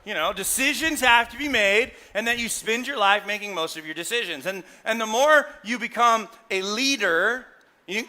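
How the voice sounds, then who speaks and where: A man's voice: high voice, pushed and bright. A middle-aged male pastor preaching a casual sermon, telling candid, self-deprecating stories and checking in with the congregation with asides like "right?". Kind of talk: conversational sermon.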